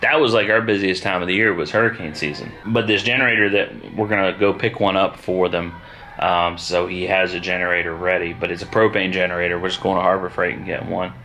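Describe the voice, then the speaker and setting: A man, chatting casually at home as a family vlogger, relaxed and rambling. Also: sits low, fast. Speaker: vlogger and father. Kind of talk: casual chat.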